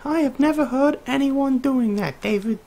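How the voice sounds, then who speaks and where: A man's voice: very high voice, normal speed, a little mellow, pitched above the performer's own voice. A man voicing a middle-aged mother with an exasperated, nagging manner. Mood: scolding.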